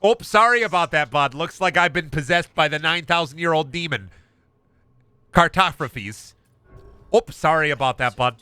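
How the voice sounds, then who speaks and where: A man's voice: fairly high pitch, animated, normal speed, pushed and bright, smooth, dry recording. A man voicing a relentlessly pleasant Minnesotan man possessed by a demon, in a Minnesotan accent and a raised voice. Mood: cheery. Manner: relentlessly pleasant, says bud constantly.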